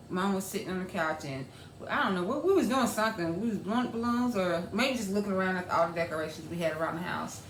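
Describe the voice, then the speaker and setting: Heartfelt woman in an echoey room. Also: on the low side. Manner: heartfelt, animated, laughs easily. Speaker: podcast co-host. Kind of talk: casual chat. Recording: echoey room with faint noise.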